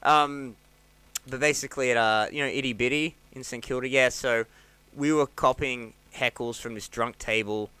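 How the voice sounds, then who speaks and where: Australian comic, 30s, rambling and animated, crisp sound, dry close mic. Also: male voice, normal speed, no room sound. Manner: rambling, animated, acts out quotes with jumps in pitch. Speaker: stand-up comedian, podcast guest. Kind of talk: casual storytelling chat.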